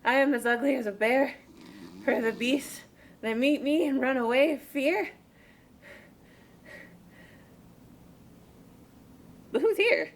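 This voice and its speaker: A woman's voice: high voice, moderate pace, slight background noise. A woman playing insecure, lovesick Helena. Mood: lamenting. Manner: emotive, exasperated. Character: insecure lovesick young woman, self-pitying. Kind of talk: amateur Shakespeare reading.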